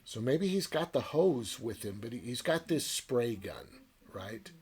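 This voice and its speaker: A man's voice: medium pitch, big pitch swings, measured pace, a little mellow. A man casually retelling a short story's plot as a book reviewer, in a loose, chatty way. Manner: loose, chatty retelling with fillers like "right?" and "kinda".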